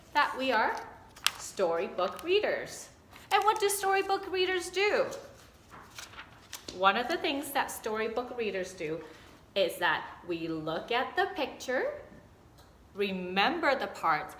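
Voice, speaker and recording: A woman teacher explains reading tips to parents in a bright, lively, sing-song voice. Her pitch swoops up and down as she models storytime delivery. The room is echoey with a faint hiss. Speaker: kindergarten teacher. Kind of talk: recorded update for parents.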